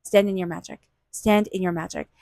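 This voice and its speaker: A woman's voice: fairly low pitch, steady tone, fairly quick, creaky, a little mellow, dry recording. A woman giving a casual, reassuring tarot reading, repeating phrases for emphasis. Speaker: tarot reader.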